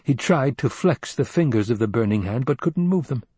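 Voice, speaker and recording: A man reading a story aloud in a measured, unhurried narration. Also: medium pitch, animated, a little mellow, breathy edge, dry recording. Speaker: audiobook narrator. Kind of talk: scripted narration.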